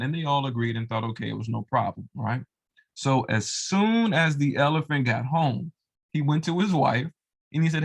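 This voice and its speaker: A man's voice: mid-range voice, moderate pace, creaky. A man retelling a devotional folk tale in a loose, casual way, with lots of fillers and asides. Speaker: storyteller of religious tales. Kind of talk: casual oral storytelling.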